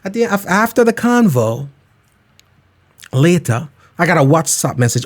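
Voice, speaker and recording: A man's voice: fairly high pitch, a little slow. A man hosting a podcast, ranting in a casual, emphatic and comedic way. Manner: animated, emphatic, keeps it real. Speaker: podcast host. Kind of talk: comedic rant, casual talk.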